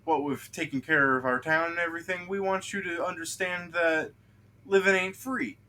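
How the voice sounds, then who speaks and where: A man voicing a smug male gnome extortionist who talks slowly, with mocking menace. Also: on the high side, fairly even intonation, sharp tone, voice pushed up. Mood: menacing.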